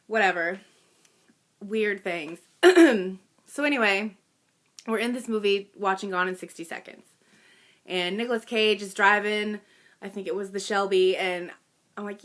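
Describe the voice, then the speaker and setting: A woman in her thirties casually tells a personal story with a bright, clear, mid-range voice. She speaks at a measured pace with long pauses, chatty and self-deprecating, dropping little laughs and fillers along the way.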